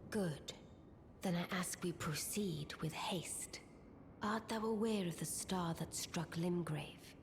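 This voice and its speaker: A woman voicing an aloof, commanding sorceress who speaks in archaic, formal phrases with a soft, breathy delivery. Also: fairly low pitch, takes it slowly, a little hiss or hum. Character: regal mysterious female sorceress, aloof and commanding. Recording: game audio with music behind.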